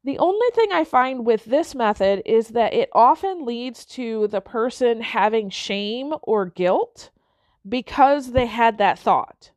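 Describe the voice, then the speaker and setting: A woman's voice: on the high side, animated, takes it slowly, darkish tone, dry recording, clean studio sound. A woman giving a motivational self-development talk, often checking in with her listeners. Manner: frequent checking-in tags like okay and right.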